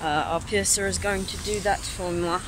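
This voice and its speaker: A man's voice: sits high, level tone, moderate pace. Upbeat young man vlogging outdoors. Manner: upbeat, rambling, filler-heavy. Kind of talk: casual vlog chat. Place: outdoors by a seafront at night. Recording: noisy outdoor phone recording with passing traffic.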